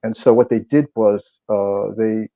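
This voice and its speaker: A man's voice: lowish voice, fairly even intonation, unhurried, creaky, dry recording. Guest actor guy, intense and earnest, muffled dry lo-fi sound. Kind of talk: interview conversation. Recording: dry, dull lo-fi audio.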